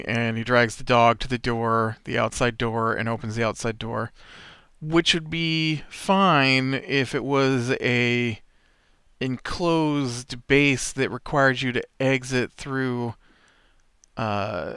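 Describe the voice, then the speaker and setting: A man's voice: medium pitch, bright, forceful tone, smooth, dry recording, clean studio sound. A man hosting a let's play, chatting casually over gameplay in a rambling, nitpicky way with many fillers.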